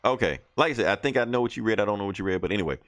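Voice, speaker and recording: Man, low voice, podcast host, casual comic recap, swears freely. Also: expressive, racing, a bit bright. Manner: loose, profane storytelling.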